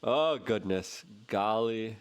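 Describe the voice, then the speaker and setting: A man hosts a solo political commentary show with a lively voice that leaps up and down in pitch. He sounds exasperated and sarcastic. He keeps slipping into mocking, high-pitched impressions. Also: slow pace, smooth.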